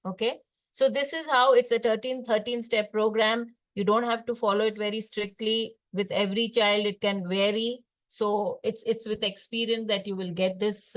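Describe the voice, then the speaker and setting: Older woman, indian english accent, speech therapist lecturing, halting with lots of fillers, mid pitch. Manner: hesitant, explanatory, many filler sounds and restarts. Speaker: speech-language pathologist lecturing clinicians. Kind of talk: lecture in an online case discussion.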